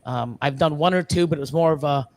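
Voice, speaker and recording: Appearing as a guest on a live stream, this reptile breeder from Canada has a higher-pitched voice. His earnest, casual rambling is packed with fillers and restarts, broken by quick bursts of imitating others.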